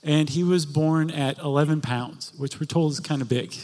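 Male co-host, slightly higher voice, chatty live-podcast storyteller, laughs easily. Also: fairly even intonation, normal speed, a little mellow. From Florida. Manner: jokey, chatty, laughs often. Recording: live show before an audience.

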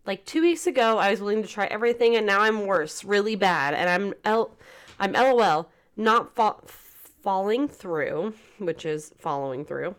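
A woman's voice: mid-range voice, animated, moderate pace, clear, resonant tone. Earnest woman reading out messages. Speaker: podcast co-host. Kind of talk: casual chat, reading messages aloud.

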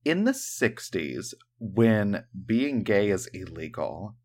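A man co-hosting a casual podcast, animated and joking, with plenty of profanity. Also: fairly low pitch, takes it slowly. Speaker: podcast co-host. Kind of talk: casual chat.

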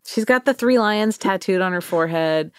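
A woman's voice: mid-range voice, normal speed, clear, resonant tone, no echo, clean studio sound. A woman co-hosting a podcast, telling a story in a playful, casual way, laughing often and acting out quoted voices. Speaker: podcast co-host.

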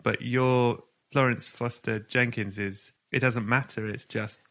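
A man's voice: mid-range voice, steady tone, a little slow, vocal fry, a bit bright. A man hosting a podcast, chatting casually with his guest, encouraging him and asking playful questions. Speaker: podcast host. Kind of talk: casual interview chat.

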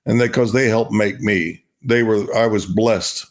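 Gravelly older man telling rambling stories. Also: lowish voice, measured pace. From Oklahoma, US. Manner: rambling, repeats himself, laughs while talking. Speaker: guest, retired baseball star. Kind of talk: casual interview storytelling.

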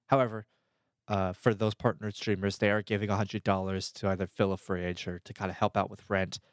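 A man's voice: lowish voice, level tone, a little fast, dry recording, studio quality. A man hosting a casual podcast, explaining a topic with lots of fillers. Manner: filler-heavy, chatty explaining. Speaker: podcast host. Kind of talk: casual chat.

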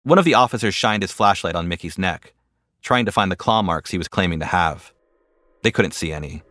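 Deep-voiced man narrating with wry lift. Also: expressive, a bit bright, no echo, clean studio sound. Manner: measured, wry storytelling. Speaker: podcast narrator. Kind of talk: scripted narration.

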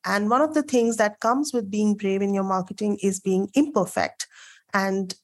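A woman hosting a podcast interview, her voice nasal and croaky from a sore throat, bubbly and quick to laugh. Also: medium pitch, fairly even intonation. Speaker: podcast host. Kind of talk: casual interview chat.

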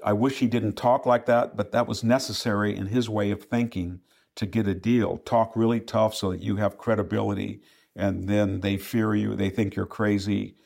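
Gravelly low-voiced older man. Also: flat delivery, normal speed, darkish tone. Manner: emphatic, fluent argument with quoted asides. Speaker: historian guest. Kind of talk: podcast interview.

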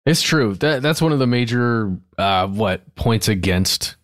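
Male podcast co-host, casual and wry, expressive pitch. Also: unhurried, few pauses, no echo, studio quality.

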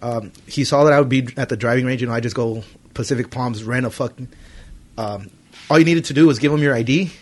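A man's voice: medium pitch, quick pace. A man telling stories in loose, profane casual chat, acting out his friends' banter.

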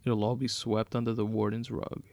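A cold, taunting woman, as a male narrator puts her on lays out her revenge in sarcastic, mocking tones. The voice sits low with a gravelly grain, recorded close and dry with no room sound. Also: flat delivery, normal speed, a little mellow, no echo. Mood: coldly gloating.

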